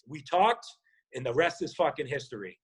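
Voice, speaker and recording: A man's voice: on the high side, lively intonation, normal speed, breathy edge. A man with a Boston accent, a guest on a podcast, telling casual stories full of swearing and acted-out quotes. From South Boston. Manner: swearing, acts out quoted voices in anecdotes. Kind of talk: casual storytelling chat.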